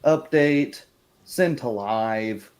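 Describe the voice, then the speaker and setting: A man's voice: mid-range voice, extremely slow, a little mellow. A man in character at a tabletop game, talking in cocky, profane banter. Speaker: player.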